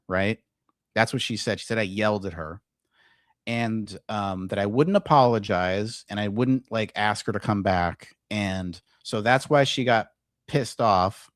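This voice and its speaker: A man's voice: lowish voice, no echo, studio quality. A man hosting a livestream commentary show, ranting profanely and combatively at viewers in his chat.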